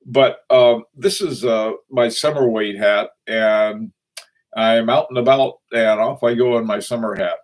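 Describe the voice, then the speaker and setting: A man chats casually on a livestream, greeting viewers by name. His talk wanders and is full of chuckles, fillers and restarts. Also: mid-range voice. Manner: rambling, chuckling, halting with many fillers. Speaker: watch channel host.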